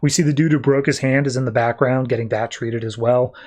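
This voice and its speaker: A man's voice: medium pitch, steady tone, darkish tone. A man hosting a podcast, casually retelling a comic-book issue in a loose, chatty way with plenty of fillers. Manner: loose storytelling full of "like" and quick restarts. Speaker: podcast host.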